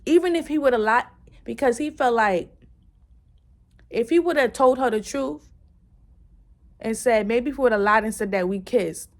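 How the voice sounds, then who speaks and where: A woman chatting casually in a book review, retelling scenes excitedly with lots of "like"s and restarts, and cursing bluntly. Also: on the high side, normal speed, long pauses. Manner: blunt, curses freely.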